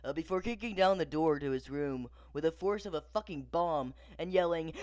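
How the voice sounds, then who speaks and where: A man's voice: fairly high pitch, expressive, moderate pace, few pauses, a little mellow, no echo. A man reading a horror parody story aloud in a profane, incredulous, sarcastic tone. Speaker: creepypasta narrator. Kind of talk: scripted horror story narration.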